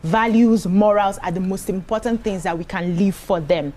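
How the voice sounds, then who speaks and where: A woman with a Nigerian accent hosting a studio panel discussion, speaking in a measured, earnest way. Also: mid-range voice, mellow. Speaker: talk show host.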